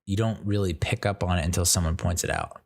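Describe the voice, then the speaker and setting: A young man with a deep, low-pitched voice chats casually about films. He rambles, stops and restarts sentences, and leans on fillers as he talks. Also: fairly even intonation, fast talker. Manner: rambling, filler-heavy, self-interrupting. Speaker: podcast host reviewing movies.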